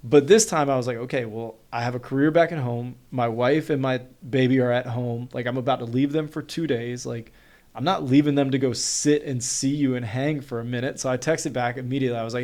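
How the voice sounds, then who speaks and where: Appearing as a guest on a podcast, a North Carolina man in his thirties relates a story in relaxed conversation. His speech is rapid and lively, packed with "like," and his darkish, mid-pitched voice keeps a fairly level intonation.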